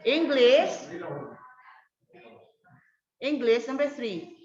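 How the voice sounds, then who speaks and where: A woman's voice: high voice, a little slow, a little mellow. A woman teaching an online grammar lesson, patiently calling on students by name over a video call. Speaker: English teacher. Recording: echoey, dull lo-fi room sound.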